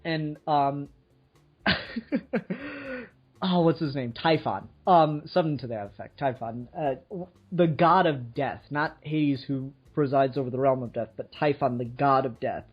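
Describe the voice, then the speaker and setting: A man's voice: mid-range voice, a little slow, husky. A man co-hosting a casual chat, retelling a myth in a rambling, profane way and laughing as he goes. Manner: rambling, profane, laughs while telling a story. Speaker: podcast co-host. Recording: dull lo-fi sound.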